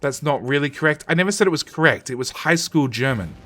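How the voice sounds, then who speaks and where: A man's voice: fairly high pitch, expressive, quick pace, fairly bright tone, a little hiss or hum. A man streaming a game live and chatting with viewers in a loose, joking, self-mocking way, often restarting his sentences and casually swearing. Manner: casually profane.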